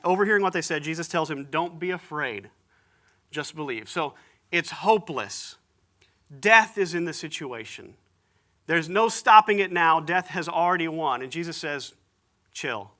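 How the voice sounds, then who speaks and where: A man's voice: on the high side, expressive, normal speed, bright, forceful tone. A man preaching a sermon, retelling a story in an easygoing way with slang and acted-out dialogue. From United States. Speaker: pastor. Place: church.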